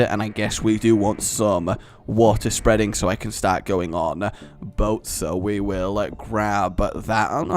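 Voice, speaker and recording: A man hosting a let's play, commenting in an animated, joking way and rambling off on tangents. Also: lowish voice. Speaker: gaming channel host.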